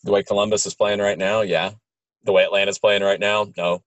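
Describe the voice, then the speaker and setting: A man's voice: on the low side, little pitch movement, a little fast, a bit bright, no echo, highs cut off. A man co-hosting a soccer podcast, giving blunt analysis and often restarting words as he builds his point. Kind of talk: casual sports analysis.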